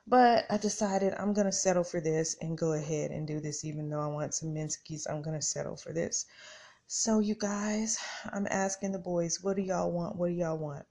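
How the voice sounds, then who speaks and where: Woman, middle-aged, slightly low voice, casual podcast storytelling, chatty, talks straight to listeners. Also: moderate pace, darkish tone. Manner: chatty, addresses listeners directly, acts out her own reactions. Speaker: podcast host.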